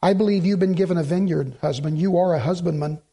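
A middle-aged man, a pastor preaching a sermon, telling stories in an animated, emphatic way and mimicking the people he quotes. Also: high-pitched, fast, husky. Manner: emphatic, repeats points for effect.

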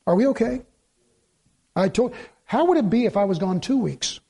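A middle-aged man, a pastor preaching a sermon, telling stories in an animated, emphatic way and mimicking the people he quotes. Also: high voice, moderate pace, creaky, slight background noise. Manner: emphatic, repeats points for effect.

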